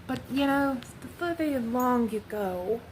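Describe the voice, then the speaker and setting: A woman giving a rambling spiritual monologue for her vlog. She speaks in a meandering, reflective way and often drops into soft whispers. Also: on the high side, expressive, a little slow, slight background noise, low-quality recording. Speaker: vlogger sharing spiritual channeling.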